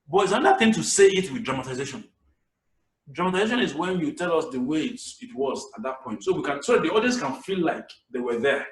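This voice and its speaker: Man, Nigerian accent, public speaking trainer, animated delivery, distant from the mic, roomy sound. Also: on the high side. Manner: animated, acts out examples. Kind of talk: webinar lecture. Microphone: video call camera mic. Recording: echoey room, voice distant from mic.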